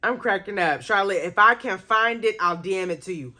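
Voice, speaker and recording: A woman's voice: medium pitch, normal speed, hardly any pauses, pushed and bright. A young woman hosting a casual movie chat, reacting to viewer comments with laughter and exclamations. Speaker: radio host reviewing movies.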